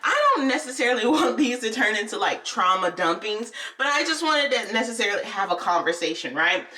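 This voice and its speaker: Bright-voiced young woman telling stories. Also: on the high side, brisk, far from the mic. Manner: animated, candid, laughs often. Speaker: vlogger. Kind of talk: casual storytelling chat.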